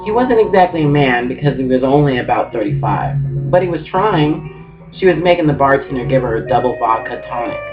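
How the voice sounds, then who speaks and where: A man's voice: mid-range voice, big pitch swings, a little fast. Male reader over muffled guitar music. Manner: casual reading with small restarts and asides. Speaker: book reader. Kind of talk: audiobook reading.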